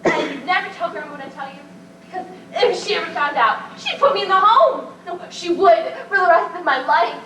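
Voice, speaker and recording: A woman's voice: extremely high pitch, expressive, brisk, bright, forceful tone, full character voice. Woman playing a giggly, childlike nervous aunt. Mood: giddy nervous. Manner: tearful, giggly, eager. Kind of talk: amateur stage play. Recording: echoey stage taped from far off, noisy.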